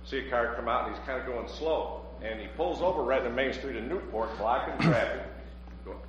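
A man's voice: mid-range voice, brisk. Hesitant man in an echoey church. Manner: hesitant, with fillers and restarts. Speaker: congregation member sharing a story. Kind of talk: casual testimony. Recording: very echoey, dull, noisy room sound.

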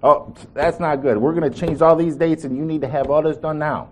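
A man's voice: fairly high pitch, steady tone, fairly quick, slight background noise. A man preaching a sermon, telling a story with quoted voices and asking the congregation questions.

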